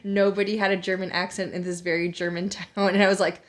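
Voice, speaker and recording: A woman's voice: on the low side, flat delivery, quick pace. A woman chatting casually while playing a game, giggling often and full of filler words. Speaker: co-host. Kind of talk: casual chat while gaming.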